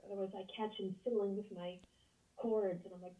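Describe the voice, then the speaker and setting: A woman chats on a video call in a casual, amused way. Her audio is thin and phone-like, as if she were far from the mic. Her pitch is ordinary. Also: little pitch movement, brisk.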